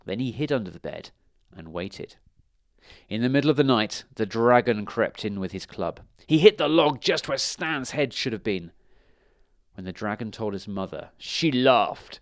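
A man reading a children's storybook aloud, expressive with dramatic pauses. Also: fairly low pitch, no room sound, clean studio sound.

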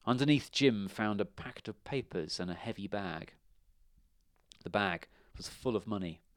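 A man reading a children's storybook aloud in a measured, expressive way. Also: on the low side, dry recording, clean studio sound.

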